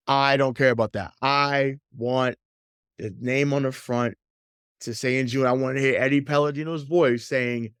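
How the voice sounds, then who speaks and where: In a dry, studio-quality recording, a sports podcast host speaks with a medium-pitched, fairly bright voice. He chats loosely and profanely, laughing often and repeating words as he gets rolling.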